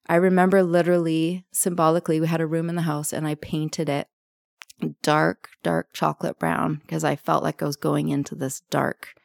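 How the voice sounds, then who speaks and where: A woman in her forties shares her story as a podcast guest, in a lowish voice on a dry, close recording. She talks candidly, with many "like"s and restarts, often slipping into quoting her past self. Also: vocal fry, a little mellow, dry recording. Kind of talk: personal storytelling in conversation.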